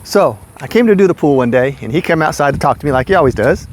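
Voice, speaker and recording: A man in his sixties telling casual, rambling stories about his past work, getting animated as he goes. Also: quick pace, slight background noise. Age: 60s. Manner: animated, rambling, jumps high when quoting himself. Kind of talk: casual storytelling.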